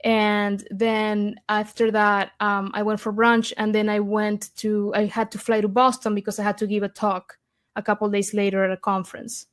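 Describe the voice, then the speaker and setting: A woman's voice: mid-range voice, flat delivery, moderate pace. Argentine-accented woman telling her story. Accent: Argentine Spanish. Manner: eager, many restarts and fillers. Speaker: guest. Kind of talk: interview storytelling.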